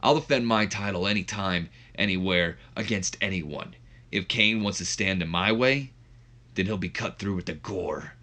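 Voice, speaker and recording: A man voicing a tough, confident male wrestler in a low, calm, menacing tone. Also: moderate pace.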